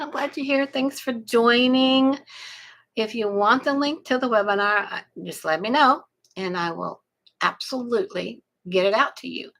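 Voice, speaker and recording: A middle-aged woman from South Texas with a Texan accent, chatting casually on a live stream, greeting viewers and pitching a webinar in a folksy way. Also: creaky, sharp tone, slightly rough, rough recording. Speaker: online marketing promoter.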